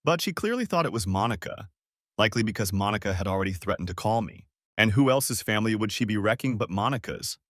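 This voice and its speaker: A man narrating a first-person revenge story in a measured, wry storytelling manner, recorded close to the mic. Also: mid-range voice, fairly bright tone, no room sound.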